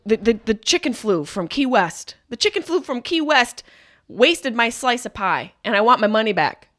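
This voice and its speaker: A woman hosts her podcast with a comic monologue full of mock outrage and swearing. Her pitch leaps around wildly as she acts out her grievances. The sound is close and dry, with no room in it. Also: moderate pace, no room sound. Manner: animated, profane, riffing with mock rants. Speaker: podcast host. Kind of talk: comedic monologue.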